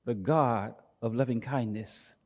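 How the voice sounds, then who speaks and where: A male pastor preaching a sermon with emphatic, repetitive phrasing that builds toward near shouting. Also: mid-range voice, unhurried, big-room sound.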